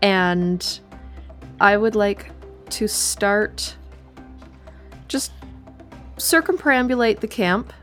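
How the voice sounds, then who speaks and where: A woman's voice: mid-range voice, very slow, long pauses, a bit bright, soft background music. Woman planning aloud at the game table. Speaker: player. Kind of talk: casual tabletop play.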